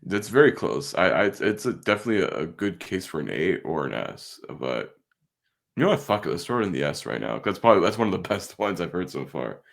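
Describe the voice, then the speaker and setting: A man's voice: low voice, big pitch swings, brisk, vocal fry. A young man co-hosting a podcast in loose casual chat, swearing freely, laughing easily, and full of "like" and restarts. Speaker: podcast co-host.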